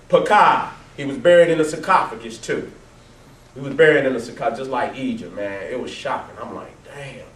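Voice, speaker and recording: A man telling his life story to a live audience over photos, swearing heavily, laughing often and swinging between loud bursts and low, quiet stretches. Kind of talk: profane, animated storytelling talk to a live audience. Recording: roomy, distant mic, faint background noise.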